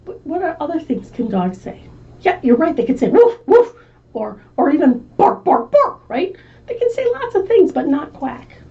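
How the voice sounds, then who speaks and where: A woman librarian reading a picture book at a children's storytime, slow and expressive, asking the children questions, on a distant, muffled mic. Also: sits high. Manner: animated, slow and expressive, asks the kids questions.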